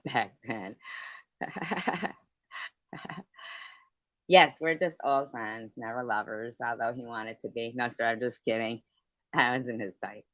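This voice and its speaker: Low-voiced woman chatting on a livestream. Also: slow pace, pauses often, fairly bright tone, no room sound. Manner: chatty and laughing, swears freely. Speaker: livestream host. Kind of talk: casual chat reading viewer comments. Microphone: computer mic on a livestream. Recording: dry, dull lo-fi stream audio.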